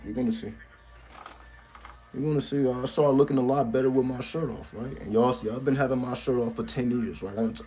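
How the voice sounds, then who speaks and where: A man's voice: mid-range voice, dark tone. A man giving a casual live-stream talk on a cell phone, blunt and profane, tagging his points with "right?", with faint music behind him. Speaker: spiritual content creator.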